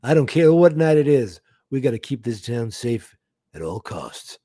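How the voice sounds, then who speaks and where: A man voicing a stern small-town sheriff from a comic, low and clipped, with a Western feel. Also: sing-song, moderate pace, mellow, no room sound, studio quality.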